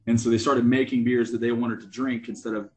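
A man's voice: mid-range voice, level tone, a little fast, darkish tone. A man, a guest on a casual podcast, chatting easily about brewers and swearing offhandedly. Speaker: guest from a beer distributor. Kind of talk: casual chat.

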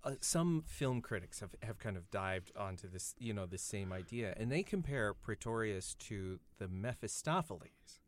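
A man's voice: fairly low pitch, animated, moderate pace. A man co-hosting a podcast, thoughtfully explaining ideas in a casual film discussion. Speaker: podcast co-host.

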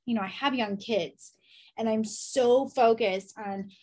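Reflective woman with a slightly high voice. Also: measured pace, a little mellow. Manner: reflective, asks herself questions aloud. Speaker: podcast guest. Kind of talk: casual conversation.

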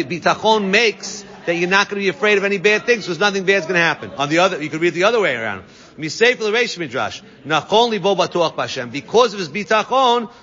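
A man teaching a Talmud class, reading Aramaic phrases and translating each one with quick asides. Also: high-pitched, bright, forceful tone. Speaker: Torah teacher. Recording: dull sound with long reverb.

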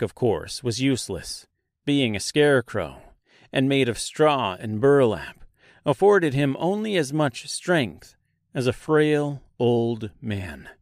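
A male audiobook narrator reading dark fantasy in a measured, unhurried way. His pitch sits in the middle and the pace is slow and deliberate. The recording is dry and close, with no room sound. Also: dry recording.

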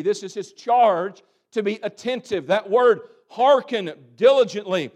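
A man preaching a sermon as pastor, building phrases up and letting them drop off quietly. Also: high voice, measured pace, hardly any pauses. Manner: preaching with swelling and fading emphasis, repeated phrases.

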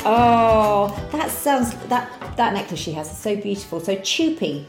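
A woman's voice: mid-range voice, big pitch swings, unhurried, faint music behind. A middle-aged woman co-hosting a podcast, chatting enthusiastically and telling stories. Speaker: podcast co-host. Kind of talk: casual chat. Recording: echoey room.

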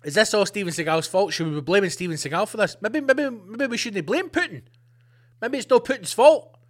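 A man rants through a comic podcast monologue, swearing freely and dripping with sarcasm. His voice sits fairly high for a man, and he keeps breaking into mocking impressions. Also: brisk. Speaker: podcast host. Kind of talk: ranting comedic monologue.

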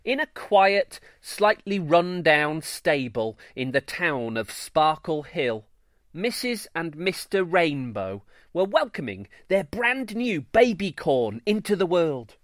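A man reads a children's story aloud as the show's host, in a playful, expressive manner. His voice sits a little high and roams widely in pitch, and he takes his time, all recorded dry and close. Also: slow, dry recording. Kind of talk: scripted children's story narration.

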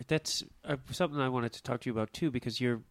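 A man's voice: medium pitch, quick pace, no echo, studio quality. A man, a comedian, talking candidly and with swearing on a podcast while stuffed up with a cold. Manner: candid, profane. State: stuffy nose. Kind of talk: casual podcast chat.

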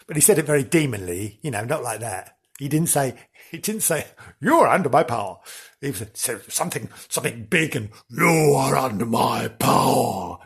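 Theatrical male storyteller, husky, very animated pitch, repeats lines for effect. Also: brisk. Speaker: podcast host and storyteller. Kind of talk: comic ghost-story telling.

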